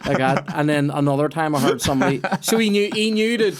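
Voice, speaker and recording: A man hosts a comedy podcast in loose, casual talk. His voice sits a little high and rises and falls widely as he tells his stories. He swears freely and slips into mocking impressions of the people he describes. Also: quick pace, clear, resonant tone. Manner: animated, swearing, mimics people. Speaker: podcast host.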